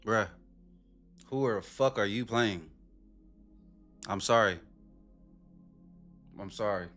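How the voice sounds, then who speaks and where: A man's voice: slow, a bit bright, faint music behind. Blunt, profane man reacting to clips. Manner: blunt, profane, incredulous, often mimics in a high voice. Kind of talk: casual reaction commentary.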